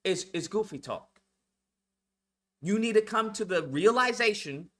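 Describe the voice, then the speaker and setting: A man's voice: high voice, animated, a little slow, long pauses, a bit bright. A man delivering a heated, profane monologue rant as a channel host, blunt and repetitive, lecturing his listeners.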